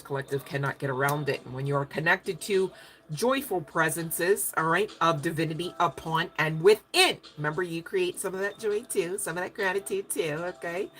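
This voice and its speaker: A woman's voice: on the low side, fairly bright tone. A woman giving a casual spiritual tarot reading, emphatic and chatty, often checking in with her listeners and swearing offhandedly. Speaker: tarot reader.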